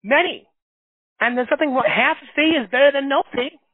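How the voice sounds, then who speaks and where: This is a casual podcast conversation with a middle-aged New Yorker who works as a staffing recruiter and leads an association; he's an animated storyteller who performs the voices of those he quotes. His pitch is extremely high and he talks fairly quickly. The recording is dry and tinny, like a phone line.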